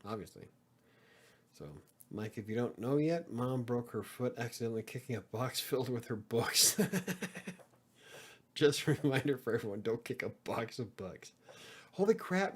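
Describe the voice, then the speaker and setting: A middle-aged man hosting a live podcast stream, chatting in a rambling, self-deprecating way and swearing casually. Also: mid-range voice. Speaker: podcast host.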